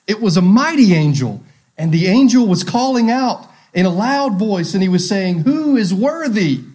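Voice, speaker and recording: A man's voice: high voice, animated, moderate pace, mellow. A male pastor preaching a sermon, asking rhetorical questions and repeating key phrases.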